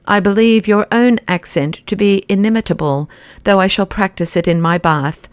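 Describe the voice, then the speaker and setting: A woman reading the part of a huge, commanding male anarchist president, brisk and mockingly courteous. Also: mid-range voice, dry recording, lightly acted.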